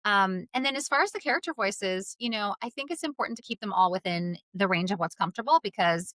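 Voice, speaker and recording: A bubbly middle-aged woman talking shop as an interview guest, her voice sitting at an ordinary pitch. She laughs easily and keeps a chatty, animated flow. The recording is close and dry with no room sound. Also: quick pace, no room sound. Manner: bubbly, laughs often, drops into low voice to demonstrate. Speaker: audiobook narrator guest. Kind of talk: casual interview chat.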